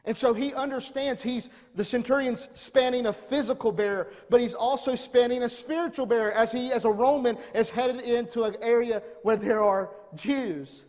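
High-voiced preacher man in a hall. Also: fairly even intonation, normal speed, few pauses, a little mellow. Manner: preaching with rising emphasis and rhetorical questions. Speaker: pastor. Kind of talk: sermon. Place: church.

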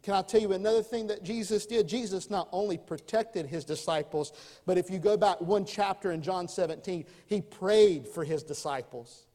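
Guy preaching, super high voice, gets loud then drops to quick quiet asides, echoey church hall. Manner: preaching with sudden swings between loud emphasis and quiet asides. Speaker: pastor. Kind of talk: sermon. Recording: long hall reverb.

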